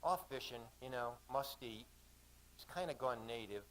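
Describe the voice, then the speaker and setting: A man's voice: mid-range voice, normal speed, fairly bright tone, close to an everyday voice. A man voicing a weary young Australian woman stranded far from home, speaking with an Australian accent in a resigned, tired way during a live reading in a cafe.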